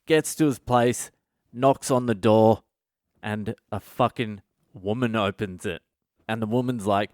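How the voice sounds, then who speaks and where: At home at night, a comedian hosts his own casual solo storytelling podcast, telling a story bluntly and profanely with sarcastic asides. His voice sits on the low side at a measured pace, recorded studio-clean with no echo.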